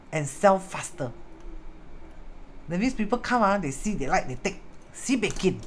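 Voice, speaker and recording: A woman's voice: medium pitch, expressive, normal speed, long pauses, a little hiss or hum. A woman with a Singaporean accent, a feng shui teacher chatting casually on a live stream, dropping in Hokkien and Mandarin words and greeting viewers as she goes. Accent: Singaporean English. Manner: greets viewers mid-explanation.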